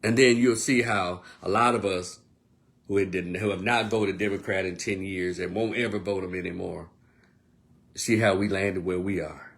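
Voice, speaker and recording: A man delivering a blunt, profane monologue as an online commentator, swinging between loud outbursts and low, quieter stretches. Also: moderate pace. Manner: blunt, profane, animated rant. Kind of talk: casual ranting monologue.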